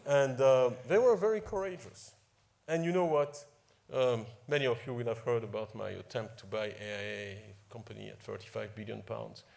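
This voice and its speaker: A chief executive from Ivory Coast, French his first language, accepts an award in an informal ceremony speech. His gravelly voice sits fairly low, with a steady, darkish tone, normal speed and few pauses; he is emotional and self-deprecating, often repeating words and starting over.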